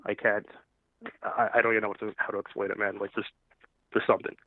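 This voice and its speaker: A man calling in to tell a ghost story, halting and nervous, full of fillers. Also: on the low side, flat delivery, no room sound. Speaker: caller. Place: at home. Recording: tinny phone line.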